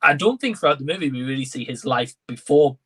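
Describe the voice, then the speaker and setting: Young man, husky voice, casual movie chat, hesitant, thinking aloud. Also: medium pitch, animated, fast, a bit bright. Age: young adult. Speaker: co-reviewer.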